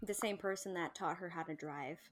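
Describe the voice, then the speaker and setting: A woman's voice: on the low side, moderate pace, slight background noise. Chatty woman co-hosting a podcast. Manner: chatty, laughing, swearing casually. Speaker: podcast co-host. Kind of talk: casual chat.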